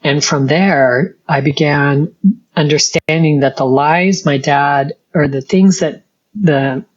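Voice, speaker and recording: A middle-aged woman, a guest in an interview, telling a personal faith testimony in an earnest, halting way with many restarts. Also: deep voice, fairly even intonation, muffled recording.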